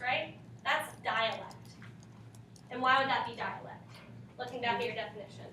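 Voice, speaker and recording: A woman's voice: high-pitched, a little fast, sharp tone, slight background noise. A woman teaching a class, reading and questioning her students, prompting them for answers. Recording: echoey classroom from far off.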